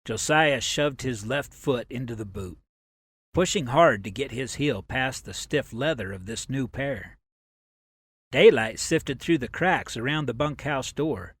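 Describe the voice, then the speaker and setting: Husky male audiobook narrator. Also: medium pitch, dry recording. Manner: steady, even storytelling.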